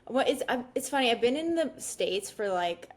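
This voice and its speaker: A woman's voice: a little high, lively intonation, normal speed. Young woman from Canada, founder guest, casual, hesitant, video call. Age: young adult. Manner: chatty, hesitant, many fillers. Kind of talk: casual interview chat.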